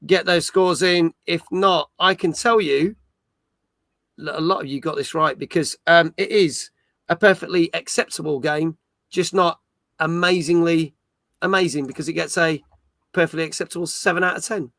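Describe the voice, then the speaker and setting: A man's voice: on the high side, moderate pace, gravelly, a bit bright, dry recording. A man hosting a casual gaming livestream, chatting upbeat and reading out viewers' comments. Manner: chatty, upbeat, reads viewer chat aloud. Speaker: stream host.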